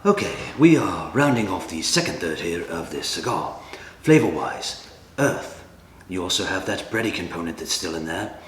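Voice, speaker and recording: A man hosting a comedic review, talking in a dry, deadpan way. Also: deep voice, normal speed. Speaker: cigar reviewer, channel host. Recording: echoey room with faint ambient noise.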